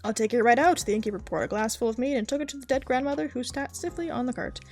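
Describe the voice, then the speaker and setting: A woman's voice: sits high, very fast, darkish tone. A woman streamer narrating a fairy tale as a bedtime story reading.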